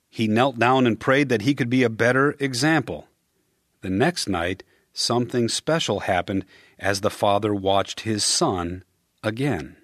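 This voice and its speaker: A man preaching a sermon in an earnest, emphatic way, rising on key words and dropping soft at line ends. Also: mid-range voice, no room sound, clean studio sound.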